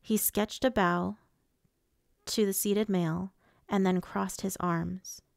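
Woman audiobook reader, first-person narration, slow and measured, dry close sound. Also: medium pitch, steady tone, gravelly, dry recording.

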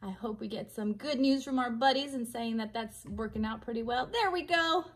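A woman's voice: on the high side, normal speed. A woman hosting a children's puppet livestream, cheerfully asking young viewers questions and encouraging them. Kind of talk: friendly talk to young viewers.

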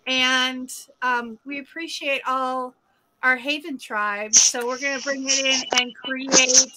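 Host: woman in her 40s, high and bright, loose rambling livestream chat with a faint hiss behind. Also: fairly even intonation, slow. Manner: rambling, many fillers and restarts.

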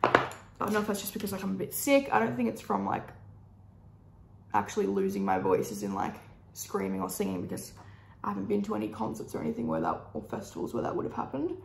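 Young aussie girl, croaky hoarse voice, super chatty makeup vlog, roomy echo. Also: medium pitch, huge pitch swings, fast. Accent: Australian. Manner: chatty, upbeat, lots of fillers. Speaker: beauty vlogger. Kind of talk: casual chat while doing makeup.

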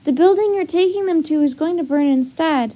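A woman voicing an earnest, bookish young boy who speaks urgently and often shouts, in a storybook read-aloud. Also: sits high, a little fast, pitched above the performer's own voice, natural voice.

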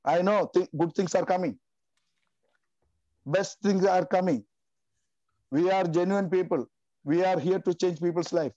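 A man in his fifties giving an emotional, passionate testimony in halting, repetitive phrasing. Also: sits high, mellow, no room sound, lo-fi sound. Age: 50s. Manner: passionate, repetitive, non-native grammar. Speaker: team member giving a testimony.

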